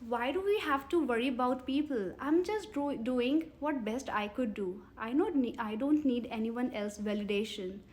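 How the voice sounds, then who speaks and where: Indian english lady teacher on a livestream, bit high voice, keeps asking "getting it?" and answers comments. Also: darkish tone. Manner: earnest, coaxing, repeats questions to viewers; pauses to read and answer viewer comments. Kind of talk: live-stream coaching talk.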